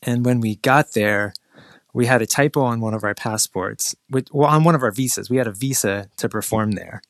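A man's voice: medium pitch, normal speed, dry recording. A man tells a story in a loose, meandering way, often stopping and restarting his sentences. His voice sits in a middle range, and the recording is close and dry. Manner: rambling storyteller with many restarts, mimics people in quotes. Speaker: guest telling a travel story. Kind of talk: casual podcast chat.

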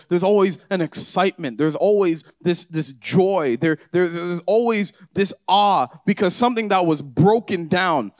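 A man's voice: high-pitched, dry recording. Man preaching a casual, dry-sounding sermon. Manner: conversational preaching, rising to emphatic near the end. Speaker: pastor.

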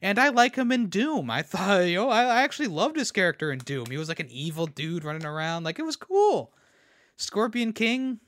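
A young man on a podcast, ranting casually with lots of restarts and repeated words. His voice is bright and a touch high. The sound is dry and close, with no room around it. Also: very animated, a little fast, no echo. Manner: rambling, repeats words, laughs at his own jokes. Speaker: podcast host. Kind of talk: casual opinion rant.

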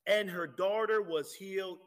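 A man's voice: high-pitched, measured pace. A man preaching a sermon, reading scripture aloud and pressing his point with emphatic rhetorical questions.

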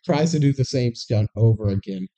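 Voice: medium pitch, expressive, normal speed, mellow. A podcast co-host recapping a movie's plot in casual chat, with dry, sarcastic remarks.

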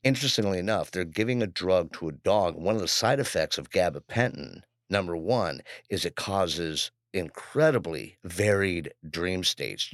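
A man's voice: low voice, no echo, clean studio sound. A man co-hosting a podcast in casual chat, rambling and profane as he tells stories. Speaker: podcast co-host.

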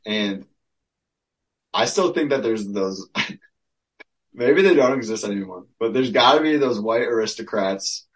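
A man, co-hosting a casual podcast, rambling through stories and tangents with a relaxed, chatty manner. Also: fairly low pitch, measured pace, long pauses, low-quality recording. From Michigan. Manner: rambling, laughing, storytelling. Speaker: podcast co-host.

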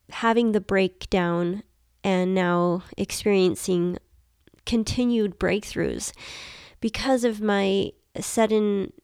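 A woman's voice: mid-range voice, darkish tone, smooth, dry recording, clean studio sound. Woman with a nasal, cold-stuffed voice. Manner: enthusiastic, reflective. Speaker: podcast host. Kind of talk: casual solo podcast talk.

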